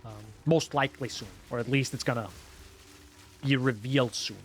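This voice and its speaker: A man's voice: mid-range voice, steady tone, moderate pace, faint music behind. A man streaming a video game, rambling casually to his viewers as he plays. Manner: rambling, chatty, talks to viewers. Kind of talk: live gameplay commentary.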